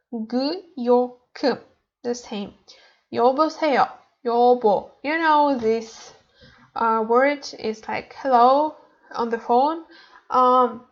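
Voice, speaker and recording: A woman's voice: sits high, lo-fi sound. A woman teaching a Korean language lesson online, speaking hesitantly with many fillers and repeating words for practice.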